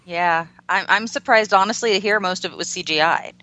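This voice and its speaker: A woman appearing as a guest on a movie podcast, speaking in a measured, soft-spoken way with hesitant fillers. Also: lowish voice, no echo. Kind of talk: casual chat.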